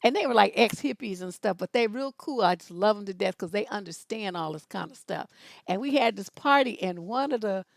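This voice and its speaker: A woman in her fifties hosting an advice show, telling stories bluntly with loud, profane emphasis. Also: mid-range voice, lively intonation, a little fast, vocal fry, no echo. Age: 50s.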